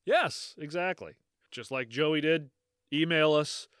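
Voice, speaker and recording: A man's voice: on the high side, unhurried, fairly bright tone, smooth, no room sound, studio quality. A man co-hosting a podcast in casual chat, joking and laughing often. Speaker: podcast co-host.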